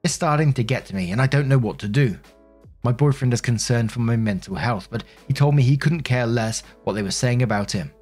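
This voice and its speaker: A man from the UK with a British accent, reading forum stories aloud at a mid-range pitch. He keeps an even narrator's delivery but breaks off into blunt, casually sworn commentary of his own. Soft music plays quietly behind him. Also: brisk. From United Kingdom. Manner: blunt, swears casually in asides. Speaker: storytelling channel narrator.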